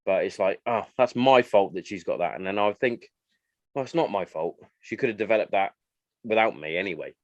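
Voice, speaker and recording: A fairly low male voice that swings widely in pitch as he tells casual stories and acts out what his family said. The sound is dry and a little dull, like lo-fi podcast audio. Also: animated, fairly quick, no room sound. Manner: chatty storyteller acting out his family's lines. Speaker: podcast host. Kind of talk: casual chat.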